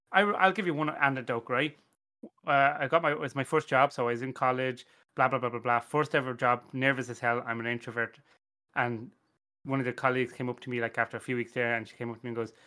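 A man's voice: medium pitch, pushed and bright. A young Irish man hosting a casual podcast, rambling, self-deprecating, laughing and swearing as he chats. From Ireland. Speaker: podcast host.

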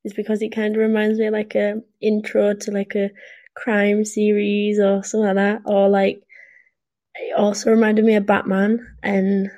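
A woman co-hosts a casual podcast. Her voice is mellow and flat, and she often hesitates with fillers before she gets going. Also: medium pitch, normal speed, lo-fi sound. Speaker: podcast co-host. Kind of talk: casual chat.

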